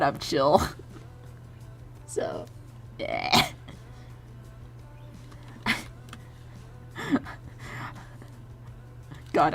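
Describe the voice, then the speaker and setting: A young woman draws during a home stream and chats casually into a desk mic, laughing, swearing, and voicing the characters in her stories. Her voice is low-pitched and a bit bright.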